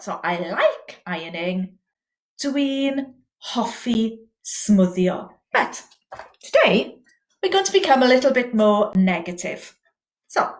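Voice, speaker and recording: A woman teaching a beginner language lesson, slow and clear with lively encouragement. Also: a little high. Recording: echoey room.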